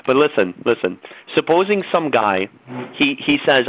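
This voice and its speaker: A man's voice: mid-range voice, very animated, normal speed, a bit bright, slight background noise, rough recording. A middle-aged man, a guest on a radio talk show, lecturing in a preachy, insistent way.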